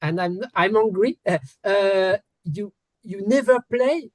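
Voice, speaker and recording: A man's voice: sits high, slow pace, no echo. A man from France with a French accent, interviewing a musician in English, his second language, with many hesitations and restarts. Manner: hesitant, restarts often, polite apologies.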